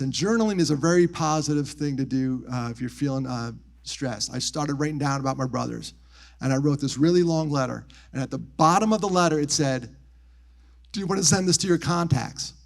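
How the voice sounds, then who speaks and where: A man with a slightly high-pitched voice speaks to a live audience at a military base. He tells personal stories with animated energy, jumping up in pitch to act out the people he quotes. Then he drops to soft, hushed tones on grief. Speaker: motivational speaker. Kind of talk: live storytelling talk on suicide prevention.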